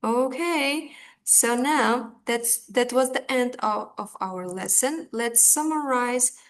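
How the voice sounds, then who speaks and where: Woman teacher, unhurried, patient, filler words. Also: a little high. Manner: slow, patient, with fillers and restarts. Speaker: English teacher. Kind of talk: online language lesson.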